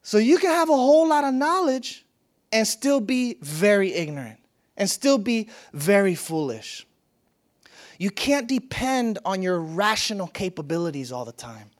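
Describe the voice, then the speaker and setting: A spiritual teacher giving a reflective teaching talk, telling a parable and repeating phrases for emphasis. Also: medium pitch.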